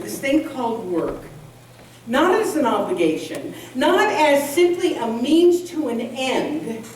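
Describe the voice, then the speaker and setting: A female minister delivers a humorous sermon to her congregation in a large hall, spinning jokes and anecdotes as a lively storyteller. Her voice is high, there's some faint background noise, and the distant mic picks up plenty of echo.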